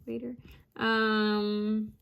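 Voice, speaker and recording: A woman psychic medium reading out channeled messages, repeating each word she hears and pausing often with ums. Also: a little high, creaky, clean tone, dull audio. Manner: hesitant with frequent ums.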